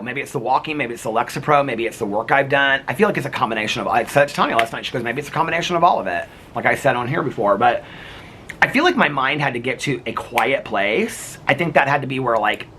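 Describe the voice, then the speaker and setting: A man's voice: medium pitch, expressive, fast talker, pushed and bright, slight background noise. A man talking to camera in a casual, reflective vlog, rambling with lots of restarts and fillers. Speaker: vlogger.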